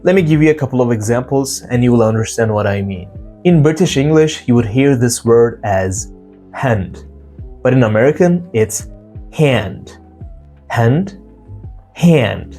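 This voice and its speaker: A young man from Turkey with a Turkish accent, hosting a casual English lesson, blunt and swearing at times, slowly demonstrating sounds. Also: mid-range voice, mellow. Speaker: English teacher, channel host.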